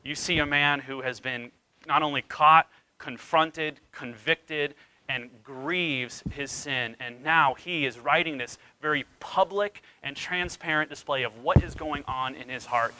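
A man's voice: a little high, a little slow, bright, forceful tone, low-quality recording. A man preaching a sermon as pastor, retelling scripture dramatically with wide swings in emphasis.

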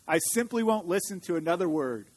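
A man's voice: high-pitched, animated, a little fast, long reverb tail. A man doing a stern mother bear. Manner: stern, scolding. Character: strict prim mother bear.

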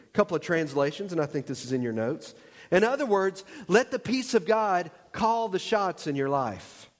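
A man preaching a sermon as pastor, telling stories with lively acted-out outbursts, miked on stage in a church. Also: high voice. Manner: animated storytelling with acted-out shouts. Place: church sanctuary. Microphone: wearing a microphone pack. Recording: long reverb of a large hall.

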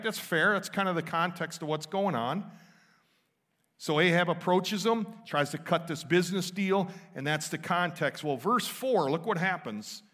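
A man's voice: a little high, a bit bright, in a large hall. A man preaching a sermon, reading scripture and retelling it in casual everyday language.

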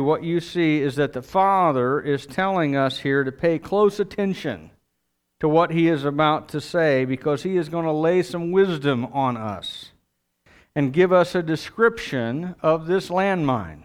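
A man's voice: fairly high pitch, smooth. A middle-aged man preaching a sermon, reading scripture and then explaining it in a conversational way with asides. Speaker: pastor.

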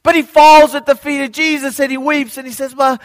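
A man's voice: extremely high pitch, flat delivery, brisk. A man preaching a sermon, telling stories with drama and acting out the quoted lines. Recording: echoey hall.

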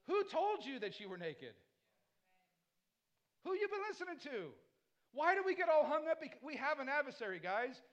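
A man preaches a sermon in a strikingly high voice for a man. He hammers his points through repetition and rhetorical questions. Between them he drops into loose, conversational asides. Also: fairly bright tone. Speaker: pastor.

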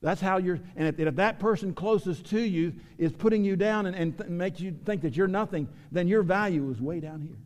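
A man's voice: fairly quick, hardly any pauses. Preaching man in a reverberant church. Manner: swings between loud emphatic preaching and low quiet asides. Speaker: pastor. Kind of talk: sermon. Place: church sanctuary.

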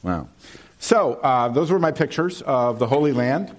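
Animated preacher with lively pitch, unhurried. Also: male voice. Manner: conversational, checks in with "okay?" often; animated, lively pitch swings when quoting. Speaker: pastor. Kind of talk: sermon with slides and scripture reading.

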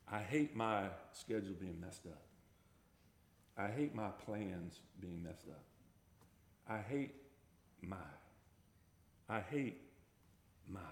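A man's voice: fairly low pitch, gravelly, reverberant. A man preaching a sermon, emphatic, firing off rhetorical questions and repeating key words. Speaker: pastor.

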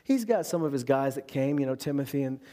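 A man who is a pastor delivering an animated sermon, mixing humor with earnest exhortation. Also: medium pitch, fast. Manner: animated preaching with humor and acted-out voices.

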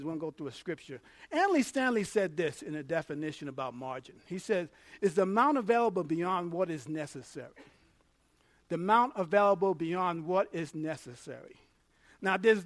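A man preaching a sermon as pastor, animated and laughing as he acts out little dialogues. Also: a little high, dry recording.

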